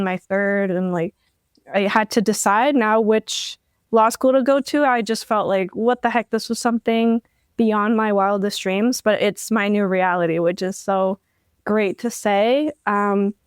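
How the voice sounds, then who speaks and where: Smooth-voiced young woman, eager storyteller. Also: mid-range voice, no room sound, studio quality. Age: young adult. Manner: enthusiastic, storytelling with many fillers. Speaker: podcast guest, incoming law student. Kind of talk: casual interview talk.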